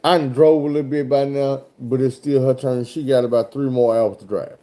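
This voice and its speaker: A man from Arkansas, a truck driver telling a road story in a loose, animated, heavily profane way. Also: mid-range voice, brisk. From Arkansas, USA. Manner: animated, profane, swears often.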